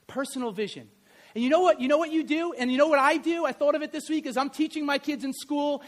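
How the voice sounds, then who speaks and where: A middle-aged man preaches with a strikingly high voice. He tells his stories with animation, dropping soft and then building loud again. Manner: animated storytelling, varies loudness widely. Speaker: pastor and history teacher. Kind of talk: sermon.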